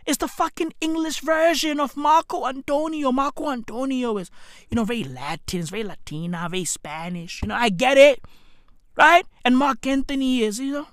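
A woman's voice: high voice, normal speed, dry recording, clean studio sound. A woman delivering a rambling, profane comedic rant as a podcast host. She uses a lot of slang and keeps tossing in "right?" as she goes. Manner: slangy, calls listeners "bruv".

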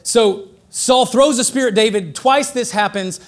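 A man preaching a sermon in a conversational, joking way, getting louder and quicker when he makes a point. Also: sits high. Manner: conversational and joking, rising excitedly for emphasis.

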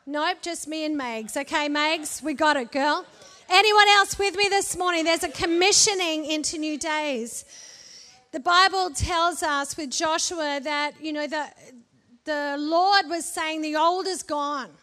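High-voiced woman preaching unhurriedly. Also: steady tone, a little slow, pushed and bright. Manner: conversational preaching with humorous asides; rhetorical questions to the congregation. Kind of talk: sermon.

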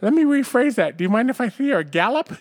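A man's voice: extremely high pitch, very animated, quick pace, slight background noise, voice pushed up. A man voicing a wistful little man who has always dreamed of owning a horse, speaking in breathless awe inside a dirty joke. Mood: earnest.

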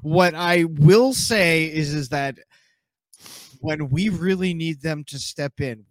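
A man's voice: a little high, takes it slowly, no room sound. A man from New York with a New York accent, co-hosting a casual podcast and joking along with the others. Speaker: podcast co-host. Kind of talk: casual chat.

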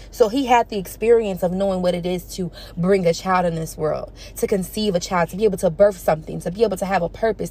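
A woman hosting a Bible study podcast, preaching in a casual, slangy and animated way. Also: mid-range voice.

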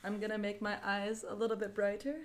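A woman's voice: medium pitch, monotone, fast talker. A woman playing in a tabletop game, talking playfully and casually. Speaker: player.

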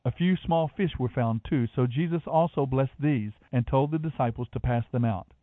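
Scripture reader, male, measured and expressive, narrow phone-like sound. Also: medium pitch, no echo. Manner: measured, expressive reading of dialogue. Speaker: Bible reader. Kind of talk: scripted Bible reading.

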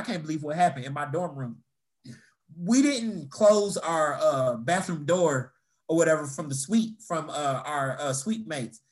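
A young man casually telling personal stories in conversation, swearing freely and acting out the people he quotes. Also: fairly high pitch. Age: young adult. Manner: animated storytelling, swearing, acting out quoted voices. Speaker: storyteller in a conversation. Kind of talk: casual chat.

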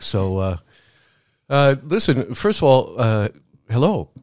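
A man co-hosting a weekend radio show, chatty and excitable, stumbling over his words at times. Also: mid-range voice, takes it slowly, pauses often, no echo, studio quality. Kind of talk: casual radio chat. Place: small home studio. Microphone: studio mic.

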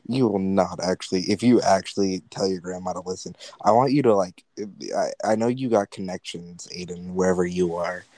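A young man with a low, deep voice, bantering loosely as a podcast co-host. He jokes, laughs easily and tosses in "bro" often. The sound is close and dry. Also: fairly quick, hardly any pauses, darkish tone, no echo, low-quality recording. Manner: joking, laughs easily, says "bro" a lot. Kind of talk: casual chat.

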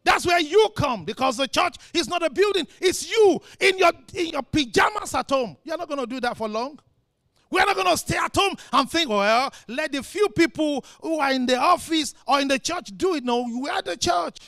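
A man preaching a sermon as pastor, impassioned, swinging between shouted lines and quiet ones. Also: very high voice, expressive, normal speed, vocal fry, no room sound, clean studio sound.

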